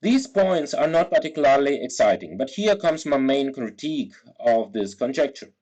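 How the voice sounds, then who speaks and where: A man's voice: medium pitch, lively intonation, normal speed, darkish tone, poor audio. Man giving a careful academic talk. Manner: careful, structured explanation. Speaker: lecturer.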